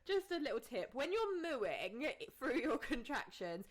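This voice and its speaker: A woman co-hosting a casual podcast chat, animated and laughing, chipping in with tips and casual swearing. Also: sits high, measured pace. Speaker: podcast co-host.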